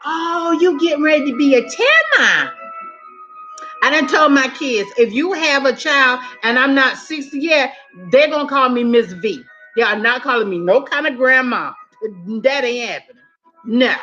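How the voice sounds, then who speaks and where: Recorded on a phone camera, a high-pitched woman talks at normal speed to her live chat, sassy and animated, laughing frequently and calling people "honey" and "girl." The sound is lo-fi, with faint music in the background.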